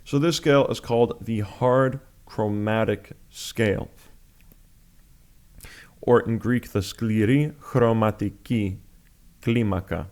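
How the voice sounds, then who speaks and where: A man's voice: lowish voice, slow, pauses often, a little mellow. A man teaching chant in a music lesson, explaining step by step with patient, plain talk and sung examples.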